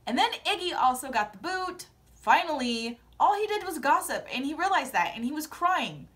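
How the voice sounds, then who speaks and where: A young woman vlogging sassy, animated, opinionated commentary in casual chat. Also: high voice, moderate pace. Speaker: vlogger recapping a TV show.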